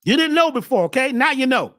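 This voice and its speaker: Fiery preaching man, wildly swinging pitch. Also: very animated, fast talker, a little hiss or hum. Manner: preachy, swings from shouting to hushed. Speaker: host. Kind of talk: impassioned spiritual talk.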